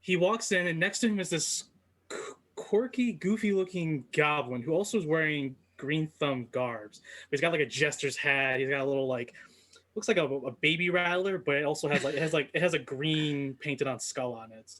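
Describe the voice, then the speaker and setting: A man narrating a tabletop game as game master, with halting, filler-heavy delivery. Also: fairly high pitch, fairly bright tone.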